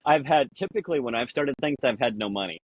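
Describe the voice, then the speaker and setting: A man with a husky, somewhat breathy voice rambles through anecdotes, filling his talk with "you know" and jumping into higher voices for the lines he quotes. The sound is dry and a little dull, like a simple podcast mic. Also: animated, fast, no echo. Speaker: podcast guest. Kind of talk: casual conversational storytelling.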